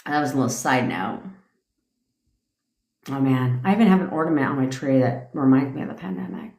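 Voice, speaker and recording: A woman's voice: very deep voice, expressive, brisk, darkish tone, roomy sound. A woman hosting a casual live stream as a manifestation coach, ranting in a brash, profane way and laughing through her tangents.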